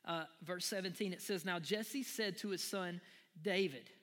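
A man preaching a sermon in a church, lively and conversational, often asking "right?" and "amen?". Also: high voice, normal speed, big-room sound. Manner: animated preaching, builds to near shouting then drops to quiet; conversational asides with fillers like right and y'all. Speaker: pastor. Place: church sanctuary.

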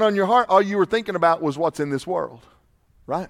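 A man's voice: sits high, lively intonation, brisk, gravelly. A man preaching a sermon, fervent and repetitive, a little out of breath. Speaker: pastor. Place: church sanctuary. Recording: long hall reverb.

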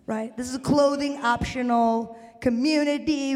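During a stand-up comedy set, a woman works a live crowd with animated delivery, shouting loudly on the punchlines. Her mid-range voice moves at a moderate pace, with faint music behind and a long reverb trailing through the roomy venue.

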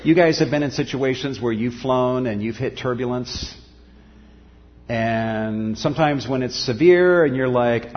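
A man preaching a sermon, earnest, rising to emphatic peaks and then dropping soft and low. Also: measured pace, in a large hall, dull audio. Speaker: pastor.

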